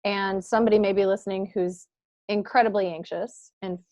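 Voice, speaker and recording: A woman hosting an interview, asking thoughtful, measured questions over a video call. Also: medium pitch, fairly even intonation, a little mellow, dry recording, highs cut off. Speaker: host.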